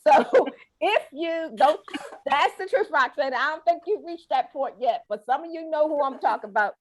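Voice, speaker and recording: A woman's voice: high voice, expressive, moderate pace, slight background noise. A middle-aged woman leading a guided breathing and laughter class over a video call, playful, folksy and coaxing. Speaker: laughter exercise instructor.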